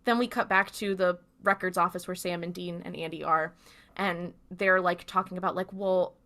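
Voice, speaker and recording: A woman's voice: lowish voice, fairly even intonation, normal speed, sharp tone. A woman podcast co-host casually recapping a TV episode, chatty, with lots of fillers. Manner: chatty, filler-heavy retelling with quoted lines.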